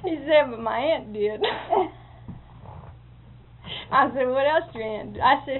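Over phone-like lo-fi audio with a faint hiss, a woman shares homespun stories casually, frequently chuckling and performing others' words. She speaks a little slowly in a high-pitched voice.

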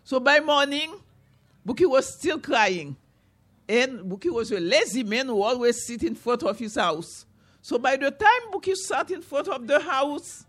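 A woman from Haiti telling a folktale to an audience, animated, with repeated chanting phrases. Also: high voice. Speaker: storyteller, author.

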